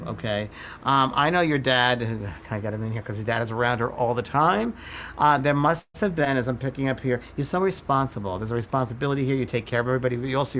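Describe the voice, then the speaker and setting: A man working as a psychic medium, giving a live workshop demonstration in a halting, repetitive way as he names each impression he gets. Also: mid-range voice, fairly bright tone, a little hiss or hum. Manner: halting, repeats "I feel" while reading impressions. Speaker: psychic medium teaching a class.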